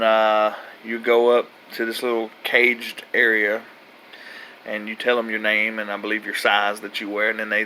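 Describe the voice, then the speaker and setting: A man's voice: medium pitch, pushed and bright, a little hiss or hum, rough recording. A man casually telling his own story in a loose, rambling way, with lots of fillers and swearing. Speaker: vlogger recounting his own prison intake.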